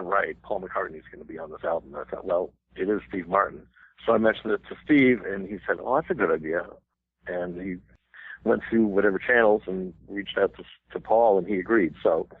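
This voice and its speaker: An older man in his sixties with a very low, husky voice tells stories in a relaxed interview, breaking into laughs and quick bits of song. The sound is thin and phone-like, with a dry, close feel. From United States. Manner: animated anecdotes with laughs and sung quotes. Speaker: banjo player, guest. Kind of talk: casual interview storytelling. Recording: thin phone-like radio line.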